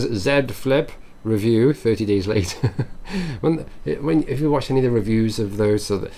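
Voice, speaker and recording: A man's voice: fairly low pitch, moderate pace, dark tone. A man hosting a casual tech news show, reading headlines aloud and adding offhand chatty asides. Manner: reads headlines then adds offhand chatty asides and musings.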